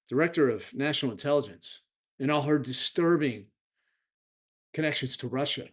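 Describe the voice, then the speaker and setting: A man speaks straight to his viewers in casual political commentary, indignant and chatty. His voice sits at a middling pitch. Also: breathy edge. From United States. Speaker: vlog host.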